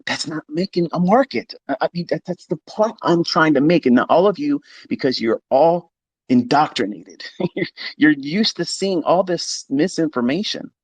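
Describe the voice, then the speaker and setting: A man's voice: fairly high pitch, animated, normal speed, breathy edge, dry recording. A man giving a blunt, profane, combative monologue about trading, mimicking his critics along the way. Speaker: trading educator. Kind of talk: unscripted monologue lecture.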